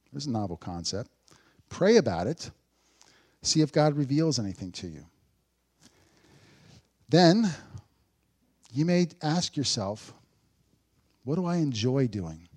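A male pastor delivering a sermon conversationally, with dry sarcasm, swinging between loud emphatic points and hushed asides. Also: mid-range voice.

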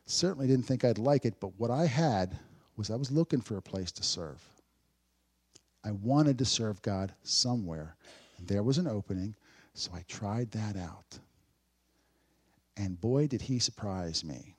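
A man's voice: fairly low pitch, animated, a little slow, long pauses. Male pastor, conversational sermon delivery, dry humor, big dynamic swings. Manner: conversational preaching with dry sarcasm, swings from loud to hushed.

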